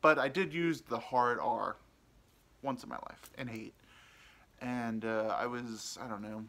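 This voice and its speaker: A man's voice: mid-range voice, fairly even intonation, measured pace, vocal fry, a bit bright. A man hosting a podcast, telling a rambling personal story, hesitant, with many ums and restarts. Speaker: podcast host.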